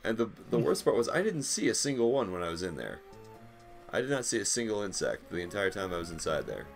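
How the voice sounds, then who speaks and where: A young man with a very low, deep voice tells laid-back stories on a casual podcast and swears freely. Soft music plays faintly behind him. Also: very animated, fast talker, creaky. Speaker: podcast host. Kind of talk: casual chat.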